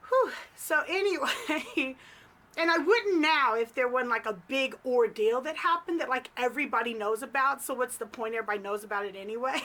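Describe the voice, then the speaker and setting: A woman's voice: high voice, moderate pace, pushed and bright. A middle-aged woman telling a story in a chatty, giggly way with lots of fillers, recorded in her home office. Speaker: psychic medium vlogger. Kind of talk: casual storytelling vlog. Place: home office in a house turret.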